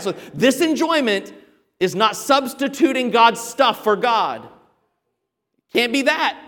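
A man preaching a sermon as pastor, emphatic, with sudden loud exhortations. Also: high voice, long reverb tail.

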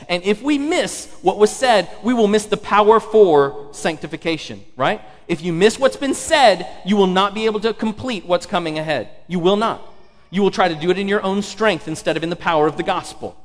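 With a high voice echoing in long hall reverb, a man delivers an emphatic sermon as pastor. He keeps repeating key phrases and putting rhetorical questions to his congregation.

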